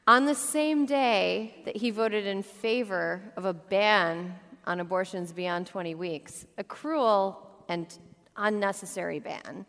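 A woman's voice: medium pitch, takes it slowly. Sardonic woman on a live stage. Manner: sardonic, deadpan punchlines. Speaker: guest panelist. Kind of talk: live comedy podcast banter. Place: live show on stage with audience. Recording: reverberant venue.

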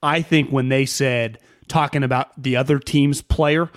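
A man's voice: mid-range voice, steady tone. Opinionated man in sports banter. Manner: rapid opinionated riffing with stats. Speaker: podcast co-host. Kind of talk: casual sports chat.

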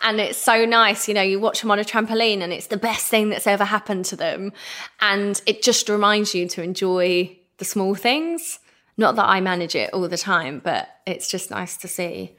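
A woman in her thirties from England, candidly telling a personal story as a podcast guest, animated and acting out what people said. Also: mid-range voice, moderate pace. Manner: animated, laughs often, acts out quoted speech.

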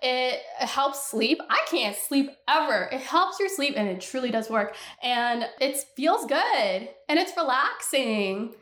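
A young woman hosting a solo podcast, ranting bluntly and with animated exasperation. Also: high voice, slow, few pauses, reverberant. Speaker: podcast host.

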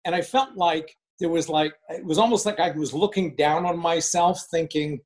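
An older man in his sixties tells a casual story with a slightly raised voice. He is animated and acts out the lines of the people in the story. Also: fairly high pitch, moderate pace, hardly any pauses. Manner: animated, acts out quoted dialogue. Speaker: former finance manager. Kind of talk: casual spoken anecdote.

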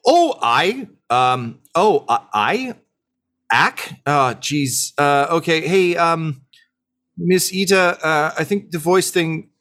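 A nervous young squire stammers his way through every sentence, as a man puts him on. The voice is pitched well up and slightly louder, quick to fluster and falter. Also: expressive. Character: timid eager young male squire.

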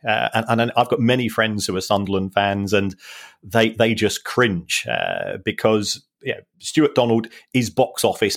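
A man co-hosting a podcast, analysing in a wry, halting way with many restarts. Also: fairly low pitch. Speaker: podcast co-host and finance analyst. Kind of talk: casual podcast chat.

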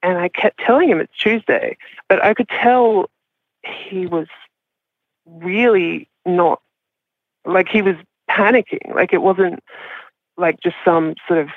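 A woman's voice: lowish voice, slow, long pauses, no room sound. A woman caller telling a personal story in a casual confessional way, rambling with lots of "like" and frequent laughter. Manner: rambling, heavy use of "like", laughs often. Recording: tinny phone line.

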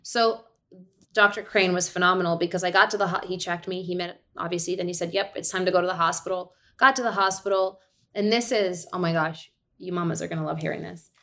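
A woman's voice: fairly low pitch, fairly quick, fairly bright tone. A woman guest on a podcast, telling a personal story in a chatty way, full of "like" and "you know". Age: adult mother of two. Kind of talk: casual birth-story telling.

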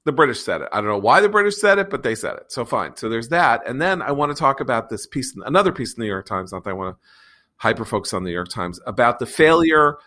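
A male political talk host with a mid-pitched voice that swings up sharply when he gets worked up. He talks in quick, digressive bursts and throws in sarcastic asides. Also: very animated, bright, forceful tone. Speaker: podcast host. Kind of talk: political talk show with ad read.

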